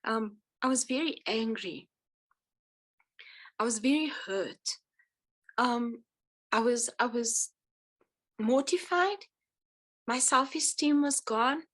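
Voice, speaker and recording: Woman telling her story at church, kinda high pitched, lots of ums and pauses, emotional. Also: fairly bright tone, rough recording. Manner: earnest, halting, with frequent ums and restarts. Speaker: speaker sharing her testimony. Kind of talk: personal testimony talk.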